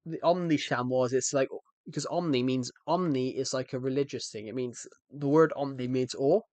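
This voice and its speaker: A man with a medium-pitched, slightly mellow voice talks at a moderate pace in a dry recording. His live-stream chat is casual and humorous, drifting around and often restarting sentences as he interrupts himself.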